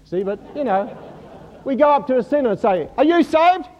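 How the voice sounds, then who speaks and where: A man preaching a sermon, animated and joking with the congregation. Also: very high-pitched, fairly quick, highs cut off. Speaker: pastor.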